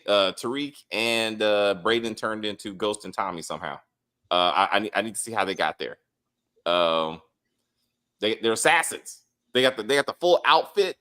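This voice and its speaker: A man hosting a casual TV review chat, excitable and loose, swearing freely and filling pauses with "uh". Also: fairly low pitch. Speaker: show host.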